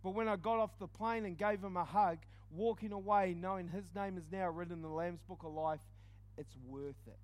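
A man preaching, telling a personal testimony in an animated storytelling way with quick dips into quiet asides. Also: high voice. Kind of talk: testimony sermon.

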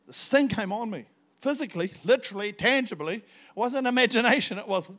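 A male pastor delivers a storytelling sermon. His voice sits a little higher than most men's. He tells it with animated, dramatic energy and breaks into laughter as he goes. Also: brisk.

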